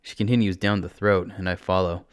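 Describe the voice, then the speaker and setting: A man reading a first-person fantasy story aloud in a steady, plain storytelling manner on a close mic. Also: sits low, a little fast, clear, resonant tone, no room sound. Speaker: narrator.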